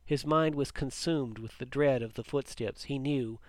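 A man narrating a story with a measured, even reading. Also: medium pitch, no echo.

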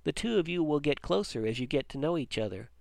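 A man reading a gentle, soothing young mother. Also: fairly high pitch, animated, fast, creaky, no echo. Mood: reassuring. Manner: soothing and coaxing.

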